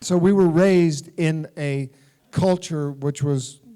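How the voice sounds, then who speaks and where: A middle-aged man from the United States talks on a convention stage, a touch higher in pitch than most men. He tells stories with animation and keeps breaking into laughter as he goes. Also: slow pace, clear, resonant tone. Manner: animated anecdotal storytelling, laughing often. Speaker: guest actor.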